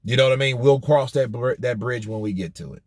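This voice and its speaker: A man hosting a boxing news channel, talking in an animated, profane way and firing off rhetorical questions. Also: medium pitch, quick pace, no echo, clean studio sound. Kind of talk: commentary vlog.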